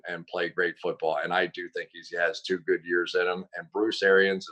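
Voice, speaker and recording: A man, a football analyst guest on a sports talk show, telling stories casually and acting out quotes with sudden jumps in pitch. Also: fairly bright tone, highs cut off.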